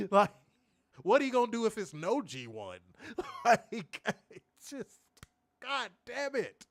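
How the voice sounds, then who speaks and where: A young man casually reviewing a wrestling show, excitable and slangy, laughing often and repeating phrases. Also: extremely high pitch, slow, no echo, clean studio sound. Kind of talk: casual live-stream commentary reading chat.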